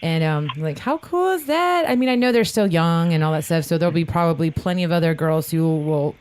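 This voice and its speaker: A woman's voice: deep voice, fast, darkish tone, slight background noise. A woman co-hosting a casual podcast, talking loosely with lots of fillers and easy laughs. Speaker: podcast co-host.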